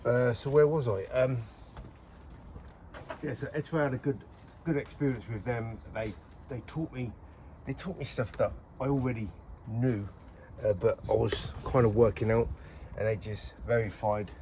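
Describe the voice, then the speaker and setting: A man's voice: medium pitch, steady tone, normal speed, warm tone, slight background noise, rough recording. A man, a window cleaner rambling casually to camera while working outdoors. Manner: chatty, rambling storytelling. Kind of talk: casual on-the-job rant to camera. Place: outdoors on a street job.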